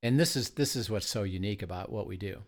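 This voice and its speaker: A man's voice: fairly low pitch, fast. A man who leads Christian retreats, telling a story in an earnest conversational way, with many "uh"s and "you know"s.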